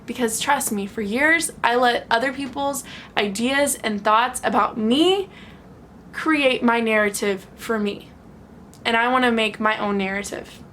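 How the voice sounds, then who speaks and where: A young woman in her twenties talking casually and frankly to the camera at home, animated and laughing often. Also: on the high side, unhurried, a little hiss or hum. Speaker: vlogger.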